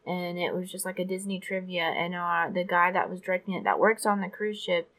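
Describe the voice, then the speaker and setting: A woman's voice: fairly low pitch, steady tone, fairly quick, a bit bright. A woman co-hosting a podcast, chatting casually and making joking asides. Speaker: podcast co-host.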